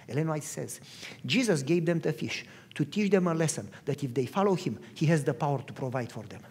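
Husky guy preaching, lively up-and-down delivery, big hall echo. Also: fairly high pitch, fairly quick. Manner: animated storyteller, asks the audience questions. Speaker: pastor. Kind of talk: sermon. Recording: long hall reverb.

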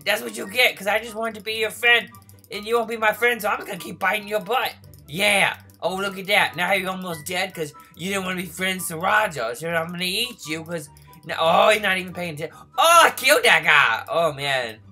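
A man voicing a lonely, needy baby male dinosaur in a game role-play, whiny and begging for friends, breathy and childlike. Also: high-pitched, fairly quick, faint music behind, heavily acted. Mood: pleading. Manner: whiny, begging for friends, turning to frantic yelling when chased. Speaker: gaming video host.

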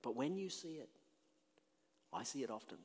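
A pastor preaches in a church with a long, ringing reverb around him. His mid-pitched voice swings between loud, emphatic declarations and quiet, searching questions put to the congregation. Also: animated, moderate pace. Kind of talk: sermon. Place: church sanctuary.

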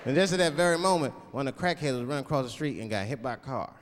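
Animated male stand-up comedian, laughing crowd. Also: mid-range voice, rapid-fire, noisy background. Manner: laid-back, profane, animated storytelling. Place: large theater stage. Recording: hall reverb, loud crowd laughter.

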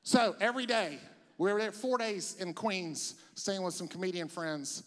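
A middle-aged man from South Carolina, telling stories in a stand-up comedy set. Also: moderate pace. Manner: storytelling, jumps into loud high-pitched voices for bits. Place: comedy venue on stage. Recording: live stage with long hall reverb.

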